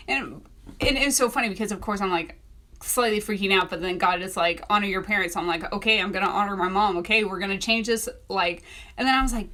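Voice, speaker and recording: A young woman telling a story in a casual vlog, animated and acting out the voices she quotes. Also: mid-range voice, fairly quick. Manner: animated, acts out quoted voices, laughs often. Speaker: author vlogger.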